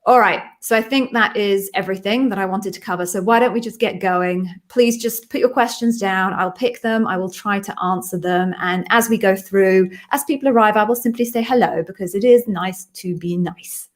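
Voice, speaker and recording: Woman, from the UK, live Q&A host, chatty, self-amused asides, middling pitch, echoey home office. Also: moderate pace. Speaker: host and interview coach. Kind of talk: live Q&A stream.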